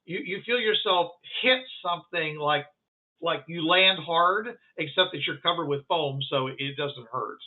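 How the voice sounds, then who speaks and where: Male game master, halting delivery, slightly high voice, phone-quality audio. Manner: halting, full of restarts and fillers. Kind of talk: narrating a tabletop game. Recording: tinny phone-like line.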